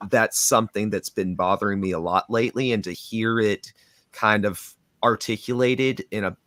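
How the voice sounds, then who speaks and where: A man co-hosting a casual review podcast, speaking in an earnest, measured and thoughtful way. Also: on the low side, fairly bright tone, no room sound, clean studio sound. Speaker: podcast co-host.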